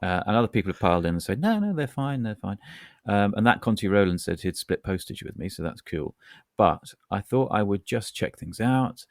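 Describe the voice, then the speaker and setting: A man's voice: fairly low pitch, dry recording, clean studio sound. A man co-hosting a podcast, telling rambling, wry anecdotes with plenty of asides. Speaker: podcast co-host. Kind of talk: casual chat.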